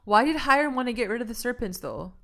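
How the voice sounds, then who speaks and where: A woman's voice: fairly high pitch, lively intonation, fast talker, fairly bright tone. A young woman co-hosting a casual chat, eagerly chiming in with fillers as she discusses a TV episode. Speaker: podcast co-host.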